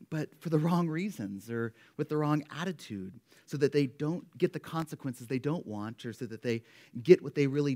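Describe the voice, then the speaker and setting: A man in his thirties, a pastor giving a conversational sermon, earnest and warm, with a cough from a cold. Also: medium pitch. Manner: earnest and warm, speaking about his children. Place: church sanctuary.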